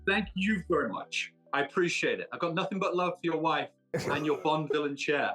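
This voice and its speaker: Brit guy being interviewed, joking around about himself, slightly high voice, some soft music behind. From Britain. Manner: jokey, self-mocking, quick asides. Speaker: actor guest. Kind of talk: casual interview chat.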